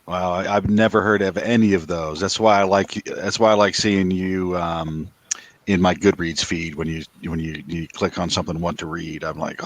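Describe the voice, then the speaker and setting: A man's voice: low voice, steady tone, moderate pace. A man in casual podcast chat, curious and asking questions.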